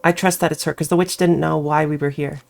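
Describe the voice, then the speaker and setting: A woman's voice: low voice, steady tone, quick pace, gravelly. A woman reading a visual novel aloud, narrating the text and casually reacting as she thinks through her choices. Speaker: game player and reader.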